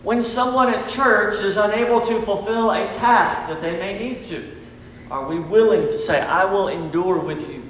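With roomy hall reverb in a church sanctuary, a man preaches to his congregation at a moderate pace, earnest and repetitive and calling for responses. His voice sits high and is a bit bright, with slight background noise.

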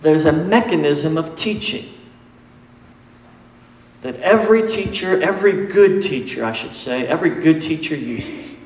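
A man's voice: on the high side, lively intonation, measured pace, a little mellow, echoey room, big-room sound, rough recording. A man preaching a sermon in church, emphatic and repetitive, quizzing his congregation as he goes. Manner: emphatic, repeats key points and quizzes the congregation. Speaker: pastor. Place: church sanctuary.

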